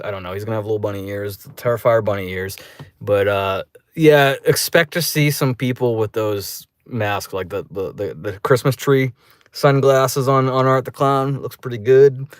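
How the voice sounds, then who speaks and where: A young man giving a casual, rambling movie review, swearing a lot and jumping into high-pitched quoted reactions. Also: clean tone.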